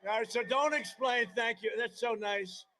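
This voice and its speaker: Older man, rally speech, raised pitch, rambling, mocking asides, faint ambience. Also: normal speed, bright, forceful tone, a little hiss or hum, low-quality recording. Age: 70s. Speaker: politician addressing a campaign rally.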